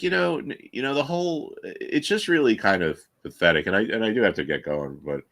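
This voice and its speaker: A man's voice: on the low side, a bit bright. A man hosting a live trading stream, chatting casually and with strong opinions, full of restarts and fillers.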